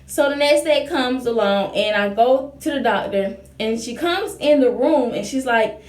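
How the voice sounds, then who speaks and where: Young woman, slightly high voice, casual storyteller who acts out dialogue, roomy echo. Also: animated, a little slow, a little mellow. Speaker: vlogger.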